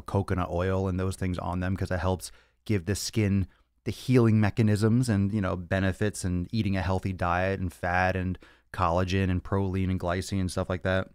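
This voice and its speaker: A man's voice: sits low, darkish tone, clean tone, no room sound. A young man hosting a fitness podcast livestream Q&A, brash and profane, joking as he answers viewer questions from his home studio. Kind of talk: casual livestream Q&A. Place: home studio with monitors and cameras.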